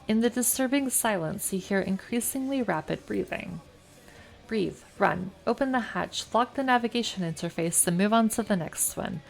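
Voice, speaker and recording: An American woman streams a game, reading its text aloud calmly and measuredly and chatting casually between passages. Her voice is medium-pitched and gravelly.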